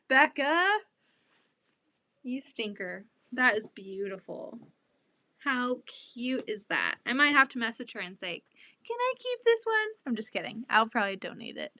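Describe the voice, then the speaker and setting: A woman chatting excitedly and a bit out of breath while showing quilts from her home sewing room, speaking into her laptop. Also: a little high. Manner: chatty, excitable, laughs often. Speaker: quilting channel host. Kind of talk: casual livestream chat.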